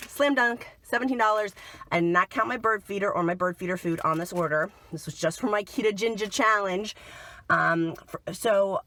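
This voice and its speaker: A woman's voice: fairly low pitch, fairly bright tone. A woman chatting casually to viewers in an upbeat shopping haul vlog, a little sick. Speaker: vlogger.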